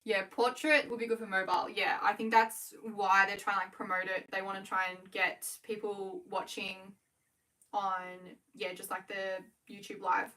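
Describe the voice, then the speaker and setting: A young Australian woman talks casually to her livestream viewers while busy with work, chatty and quick and often correcting herself. Her voice sits in a middle pitch. She is a little distant from the microphone. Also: level tone, bright, forceful tone. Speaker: small business owner livestreaming. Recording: voice a bit far from the mic.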